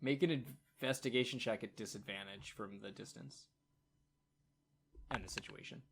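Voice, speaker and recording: A man narrating a tabletop game as game master, in a casual, halting way with many fillers. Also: fairly low pitch, gravelly, very noisy.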